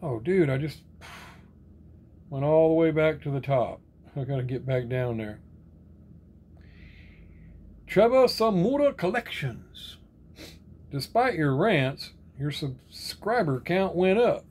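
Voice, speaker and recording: Laid-back man with a slightly high voice. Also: expressive, unhurried, a little mellow. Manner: laid-back, rambling, reads comment names then answers; repeats friendly sign-offs like "right on, brother". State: sore arm and shoulder. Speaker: diecast collector reading viewer comments. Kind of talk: casual chat.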